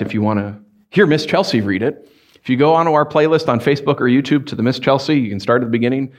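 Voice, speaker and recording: A male pastor with a mid-range voice gives a conversational sermon in a church sanctuary, lively and questioning the congregation as he goes.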